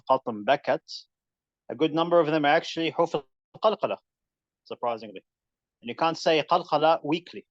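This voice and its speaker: A man's voice: mid-range voice, dry recording, highs cut off. A man teaching a casual recitation lesson, demonstrating letter sounds aloud as he explains. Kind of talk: informal tajweed lesson.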